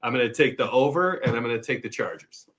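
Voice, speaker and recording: A man's voice: mid-range voice, fast, fairly bright tone, slight background noise. A man appearing as a guest on a sports podcast, giving confident football picks in casual chat. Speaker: guest picker.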